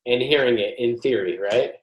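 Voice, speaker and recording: A man's voice: mid-range voice, normal speed, roomy sound, muffled recording. A man hosting a podcast, a former racer, chatting in a casual, agreeing way. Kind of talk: podcast interview.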